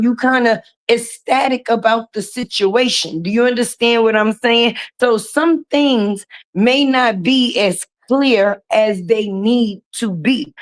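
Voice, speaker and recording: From a garage, a woman with a hoarse, fairly high-pitched voice runs a casual live stream. She chats, greets her viewers by name, and calls them baby.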